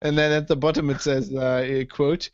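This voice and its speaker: A man co-hosting a podcast in casual chat, bantering and joking with quick laughs. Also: mid-range voice, flat delivery, no room sound, lo-fi sound. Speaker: podcast co-host.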